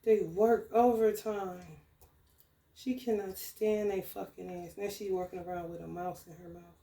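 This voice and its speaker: A woman ranting casually in a spiritual vlog, profane and animated, breaking into laughter. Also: medium pitch, moderate pace, echoey room. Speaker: spiritual tarot reader.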